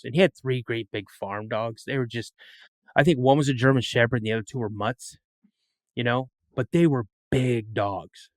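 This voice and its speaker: A man's voice: mid-range voice, normal speed, no room sound. A middle-aged man telling a story as a podcast guest, rambling and often repeating and restarting his words. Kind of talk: storytelling in an interview.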